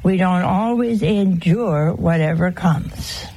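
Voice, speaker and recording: Slow, gravelly woman preaching. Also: fairly low pitch, mellow, a little hiss or hum, rough recording. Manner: homely, teasing, full of rhetorical questions. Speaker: religious teacher. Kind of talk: conversational sermon.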